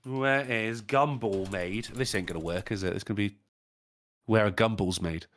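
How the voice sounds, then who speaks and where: A man's voice: fairly low pitch, moderate pace. A man hosting a podcast, joking and swearing freely in casual banter while reading out donations. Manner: animated, jokey, swears freely.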